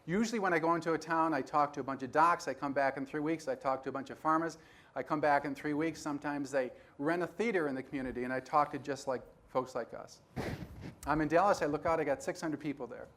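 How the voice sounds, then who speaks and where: A man in his sixties giving a conference talk, telling stories and acting out dialogue with animated energy. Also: a little high, fast talker. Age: 60s. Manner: animated storyteller who acts out dialogue. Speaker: conference speaker. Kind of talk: storytelling keynote talk.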